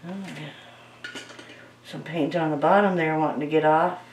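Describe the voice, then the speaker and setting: A woman with a deep, steady, slightly mellow voice talks the paint along as she pours, playful, chatty and easily delighted. She speaks at normal speed, far from the mic in an echoey room, with a little hiss or hum.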